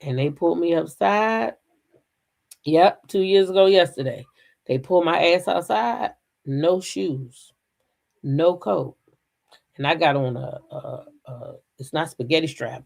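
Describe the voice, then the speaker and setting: A middle-aged woman casually telling viewers a personal story, swearing freely and swinging from hushed asides to loud outbursts. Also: deep voice, normal speed, creaky. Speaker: storyteller recounting a police raid.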